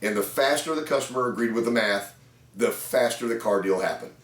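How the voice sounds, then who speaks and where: Brief: man in his fifties, sales trainer, anecdotal storytelling, mid pitch, roomy sound. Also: a little fast, recorded from a distance. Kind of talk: storytelling talk to camera. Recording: echoey room.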